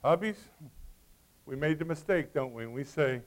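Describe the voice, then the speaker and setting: With a creaky, medium-pitched voice at normal speed, this pastor preaches to his congregation. He reads archaic-sounding scripture and addresses the people directly, his volume rising loud and dropping to a hush.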